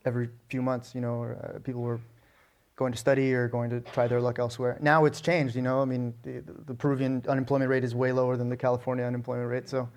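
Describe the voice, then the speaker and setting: A man's voice: medium pitch, quick pace. A middle-aged man from Alabama, a novelist answering interview questions with lots of restarts and "you know"s. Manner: animated storyteller with frequent restarts and "you know". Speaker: guest, novelist.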